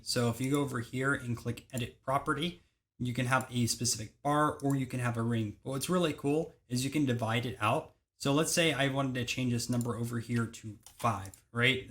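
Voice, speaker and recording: A young man hosting a screen-recorded software tutorial, giving brisk step-by-step instructions in casual phrasing. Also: mid-range voice.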